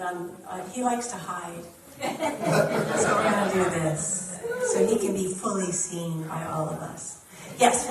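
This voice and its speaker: A woman minister making church announcements and leading a prayer, chatty and playful, laughing often. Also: a little high. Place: church sanctuary. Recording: echoey church hall from far off, faint noise.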